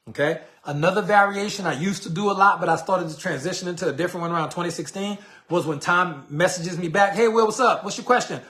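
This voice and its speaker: A man's voice: high-pitched, pushed and bright. A man in a casual, slangy live teaching session on network marketing, acting out sample messages in between.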